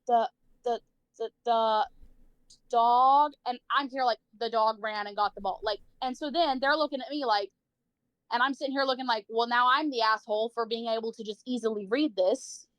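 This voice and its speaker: A woman's voice: on the high side, a little fast, fairly bright tone, no room sound. A woman livestreamer telling a personal story in casual chat, saying "like" a lot, swearing freely and acting out the people she quotes.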